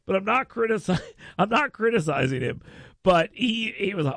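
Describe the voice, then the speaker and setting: Chatty gravelly-voiced radio host man. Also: sits high, very animated, fairly quick, a bit bright, dry recording, studio quality. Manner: rambling storytelling with mocking put-on voices. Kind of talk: casual radio chat.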